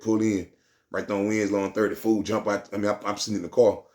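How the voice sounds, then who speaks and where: A man's voice: on the low side, flat delivery, fast, darkish tone. A man telling a street story in casual slang, rambling and repeating himself.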